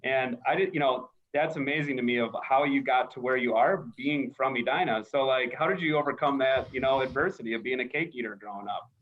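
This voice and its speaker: A man's voice: medium pitch, fairly quick, few pauses. A man from Minnesota hosting a casual interview, ribbing his guest in a joking way. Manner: jokey, ribbing. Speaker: host. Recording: slightly muffled call audio.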